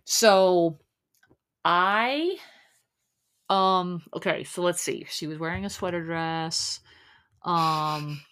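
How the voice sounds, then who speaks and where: A woman's voice: on the low side, drawn-out words, long pauses, a bit bright. A woman hosting a podcast, chatting casually and rambling with lots of fillers. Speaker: podcast host. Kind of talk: casual chat recapping a reality show.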